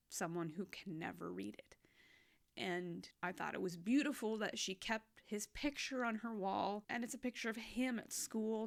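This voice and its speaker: A young woman chatting casually about a series she watched, heartfelt and expressive, moving between hushed and loud. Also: mid-range voice, creaky. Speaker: anime reaction vlogger. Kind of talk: casual recap chat.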